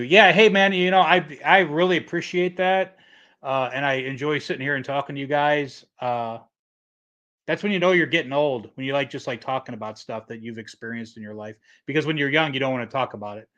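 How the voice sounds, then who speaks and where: Middle-aged male livestream host, rambling storyteller, muffled lo-fi sound, mid-pitched voice. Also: brisk, fairly bright tone. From Michigan. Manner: rambling storyteller, reads chat comments aloud. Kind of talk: casual livestream chat.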